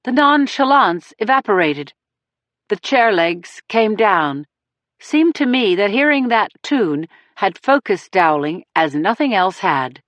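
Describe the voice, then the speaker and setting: A woman narrating a first-person crime thriller audiobook in a dramatic, measured reading. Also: mid-range voice, expressive, a bit bright, no room sound.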